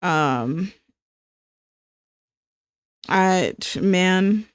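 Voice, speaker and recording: Young female streamer, casual drawing chat, slow filler-heavy delivery, dry mic. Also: lowish voice, animated, clear, resonant tone, dry recording. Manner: rambling, filler-heavy, breaks into laughter. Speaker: streamer and illustrator.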